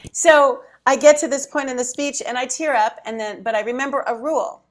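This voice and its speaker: A woman's voice: high-pitched, moderate pace, noisy background. Middle-aged woman co-host, casual and emotional, acts out what she thought. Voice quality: emotional, close to tears at times. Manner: animated storyteller, acts out her own thoughts. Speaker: podcast co-host. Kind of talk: casual chat.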